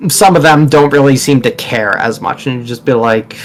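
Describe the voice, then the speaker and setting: A man's voice: mid-range voice, moderate pace, hardly any pauses, faint music behind. A man narrating a tabletop game as game master, in a casual, rambling way with many fillers.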